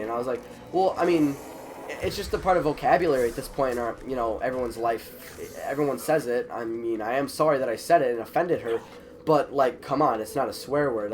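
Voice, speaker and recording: A man's voice: mid-range voice, slight background noise. A teenage boy with a cold, animatedly retelling a school story and acting out the other people's lines. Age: teens. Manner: animated, retelling with quoted voices. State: sick, a bit congested. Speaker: vlogger. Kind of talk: casual storytelling.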